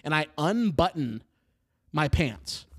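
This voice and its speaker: A man in his twenties casually telling a funny personal story on a podcast, animated, laughing through his words and swearing freely. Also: on the high side, slow, husky. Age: 20s.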